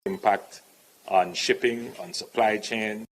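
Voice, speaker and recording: A husky-voiced Jamaican man speaks in formal public remarks, measured and deliberate. His voice sits somewhat low and carries a breathy edge. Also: steady tone, poor audio. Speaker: politician.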